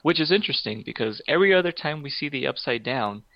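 A man's voice: mid-range voice, animated, fast, vocal fry, dry recording, lo-fi sound. A man co-hosting a podcast in casual chat, rambling and enthusiastic with many fillers.

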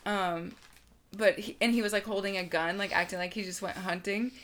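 A young woman co-hosting a podcast, telling a long story in loose casual chat. She rambles through constant "like" fillers and swears freely, at a middle pitch for a woman. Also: steady tone, normal speed, fairly bright tone. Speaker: podcast co-host.

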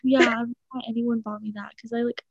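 A woman's voice: fairly high pitch, little pitch movement, quick pace, creaky, dry recording, muffled recording. A woman co-hosting a podcast in a casual chat, telling a family story in a laid-back way that trails off. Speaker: podcast co-host.

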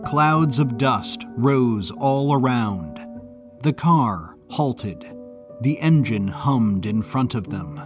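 A man narrating an audiobook in a measured, even reading style. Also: medium pitch, over music.

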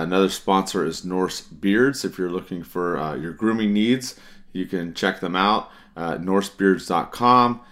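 A man with a very deep voice hosts a sports podcast. He reads a sponsor plug and then chats about the team in a relaxed, rambling way, stumbling over his words as he goes. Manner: conversational, many fillers and restarts. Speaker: podcast host. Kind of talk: casual sports podcast talk.

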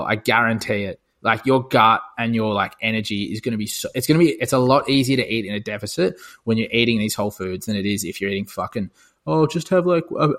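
With a mid-range, fairly bright voice, a young podcast co-host rambles through casual chat, cursing freely and full of fillers and false starts.

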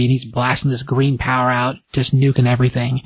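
Husky-voiced man animatedly recapping a comic. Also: medium pitch, a little fast, no echo. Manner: animated storytelling, briefly acting out quoted lines. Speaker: podcast host. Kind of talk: casual comic book recap.

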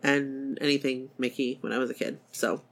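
A woman's voice: very deep voice, steady tone, normal speed. A woman in her forties co-hosting a podcast, chatting casually and laughing often. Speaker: podcast co-host. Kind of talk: casual chat.

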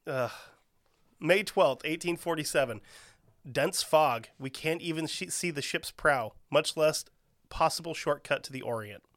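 A man's voice: a little high, unhurried, fairly bright tone, dry recording, studio quality. A young man co-hosting a comedy podcast, reading an old diary aloud and swearing through wry jokes. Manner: profane, joking, reads a diary aloud with wry asides. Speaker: podcast co-host.

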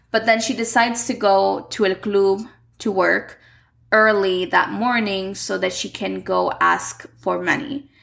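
A woman's voice: medium pitch, creaky, a bit bright. A young woman recapping a telenovela in a casual, chatty way, filling her sentences with "like". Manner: chatty, uses "like" a lot.

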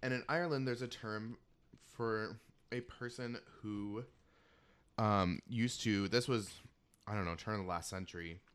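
A man hosting a casual podcast chat, campy and animated, telling stories with lots of laughter while eating. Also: lowish voice, unhurried, clear, resonant tone. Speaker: podcast host. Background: eating while talking.

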